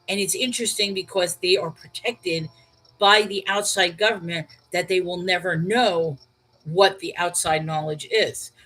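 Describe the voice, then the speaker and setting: A woman's voice: medium pitch, a bit bright, low-quality recording. A woman hosting a casual livestream about Bible study, reading viewer comments and thinking aloud with fillers and restarts. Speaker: livestream host reading chat.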